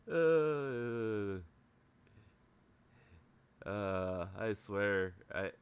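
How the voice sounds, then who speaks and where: A man chatting casually on a livestream, halting and laughing often. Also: fairly low pitch, animated, clean tone. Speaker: streamer.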